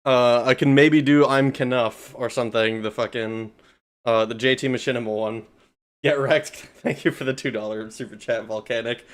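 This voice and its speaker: A male streamer chatting casually with his viewers into a desk microphone, excitable, swearing, stammering and laughing often. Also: medium pitch, normal speed. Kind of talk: casual livestream chat.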